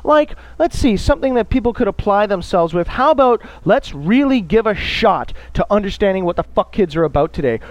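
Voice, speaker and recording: A man's voice: high-pitched, no room sound, low-quality recording. A man hosting his own radio show, ranting at length with constant swearing and sarcastic mock voices. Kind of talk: profane solo rant.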